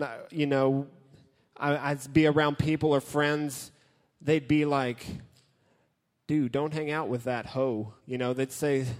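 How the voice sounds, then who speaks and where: A man giving a casual, joking sermon as a youth pastor, talking straight to his audience. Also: fairly high pitch. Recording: hall with long reverb.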